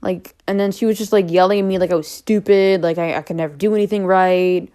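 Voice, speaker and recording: A woman's voice: lowish voice, fairly even intonation, fast, dark tone, clean tone. A young woman talking to camera about personal matters, rambling, unscripted and candid, with frequent fillers. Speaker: vlogger.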